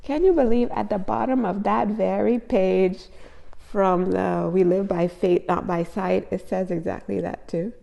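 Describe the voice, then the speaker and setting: A woman's voice: medium pitch, steady tone, a little slow, creaky, mellow, big-room sound. A woman talking to her viewers in a casual faith vlog, effusive and emotional, repeating phrases for emphasis. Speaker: faith vlogger.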